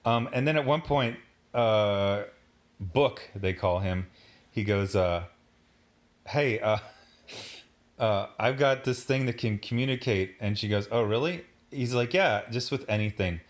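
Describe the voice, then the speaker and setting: A man's voice: lowish voice, a little slow. A man hosting a casual review, sarcastic and exasperated, rambling with lots of fillers and mocking asides. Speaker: commentary host.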